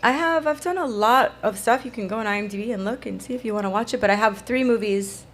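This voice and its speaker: A woman's voice: fairly high pitch, fast. A woman guest on a podcast panel, an actress from Miami, talking easily with a few hesitations. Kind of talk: casual panel chat.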